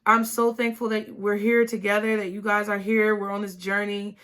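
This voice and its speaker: A woman's voice: mid-range voice, little pitch movement, moderate pace, a bit bright. A woman giving a casual, encouraging tarot reading to her viewers, often checking in with "okay?". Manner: encouraging, repeats words, many "okay?" asides. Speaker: tarot reader.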